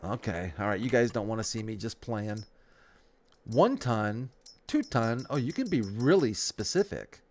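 A man's voice: on the low side, animated, a little slow, a little mellow. A man hosting a let's play, rambling casually about his life while thinking aloud through the game. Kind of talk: casual gameplay commentary. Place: at home, near the Great Lakes.

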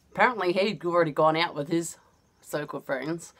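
A woman's voice: fairly low pitch, fairly quick. A woman with an Australian accent casually telling a personal story, chatty and often laughing as she goes. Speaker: vlogger.

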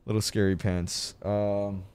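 A young man streaming a horror game, chatting casually, swearing and shouting when scared. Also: fairly low pitch, level tone, slow, clean tone, no room sound. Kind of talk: casual gaming stream chat.

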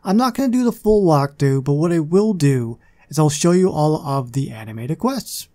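A man's voice: fairly high pitch, lively intonation, normal speed, mellow. A man hosting a gaming channel, giving casual gameplay commentary in a chatty, self-deprecating way with muttered asides.

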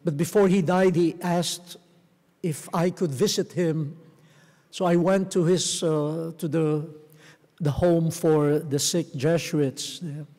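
Middle-aged cardinal from the philippines telling a story slow and soft, light high voice, big theatre echo. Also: male voice, steady tone. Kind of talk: homily-style talk to a live audience. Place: large theatre. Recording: long reverb of a large theatre.

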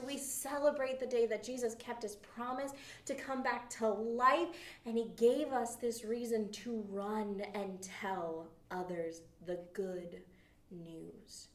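Expressive woman teaching kids a Bible lesson. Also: a little high, slow. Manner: animated, expressive storytelling. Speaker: children's ministry teacher. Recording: echoey room, mic at a distance.

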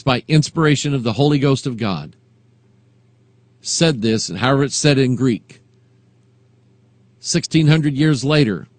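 A man preaching at a middle pitch, recorded close and dry with almost no room sound. He moves from hushed, reflective passages to raised, emphatic ones as he makes his points. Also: no room sound. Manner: impassioned, shifting from quiet reflection to rising emphasis. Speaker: pastor. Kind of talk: sermon.

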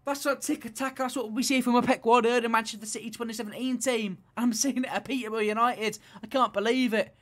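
A man giving excited video game commentary, swinging from muttered pleading to loud shouting. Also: very high voice, fast, hardly any pauses. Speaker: gaming video creator.

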